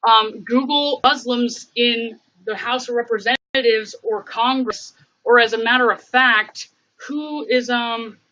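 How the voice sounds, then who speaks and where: A woman's voice: a little high, fairly even intonation, unhurried, sharp tone, lo-fi sound. A woman hosting a casual livestream, rambling and thinking aloud with many fillers. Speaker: livestream host.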